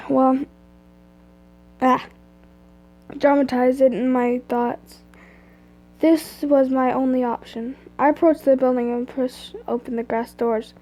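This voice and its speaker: A woman's voice: sits high, flat delivery, takes it slowly, pauses often, dark tone. A young woman casually reading fan fiction aloud on a live stream, stumbling over words and breaking off into asides. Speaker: reader. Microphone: phone or computer mic.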